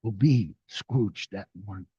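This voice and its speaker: An older man giving an animated inspirational talk, mixing jokes and stories. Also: fairly low pitch, measured pace, slightly rough, no room sound, lo-fi sound. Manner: animated storyteller, jokes and acted quotes. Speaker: speaker.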